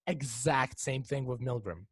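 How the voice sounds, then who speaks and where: Teenage boy explaining in halting bursts. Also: mid-range voice, slightly rough, no echo. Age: teens. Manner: halting, repeats words while explaining. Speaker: podcast co-host. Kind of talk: casual podcast discussion.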